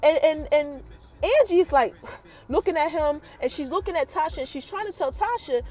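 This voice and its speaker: Animated high-voiced woman recapping an episode. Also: moderate pace. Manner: animated, chatty, keeps calling out to viewers. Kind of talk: casual spoken recap addressed to viewers.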